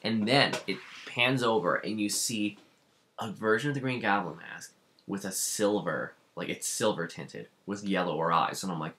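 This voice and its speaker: A man with a low, deep voice and a bright, forceful edge, chatting casually about films. He rants in an animated way and acts out his own reactions as he goes. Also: moderate pace. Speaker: podcast co-host. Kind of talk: casual chat.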